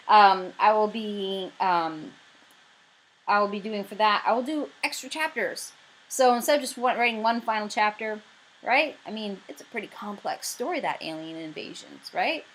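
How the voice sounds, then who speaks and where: A woman's voice: medium pitch, poor audio. A woman with a Canadian accent talking casually to camera about her writing campaign, chatty and rambling with lots of fillers. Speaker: writer pitching her crowdfunding campaign.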